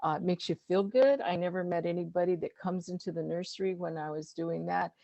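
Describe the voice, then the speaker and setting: A woman's voice: fairly low pitch, fairly quick, vocal fry, warm tone, no room sound. A middle-aged woman, a guest speaker and master gardener, talking casually with many fillers and restarts. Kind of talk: casual conversational talk.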